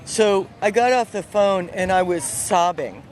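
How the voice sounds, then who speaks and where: A woman, not from the South, telling a personal story with lively, animated energy, outdoors on a city street. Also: mid-range voice, unhurried, slight background noise. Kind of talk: casual spoken storytelling.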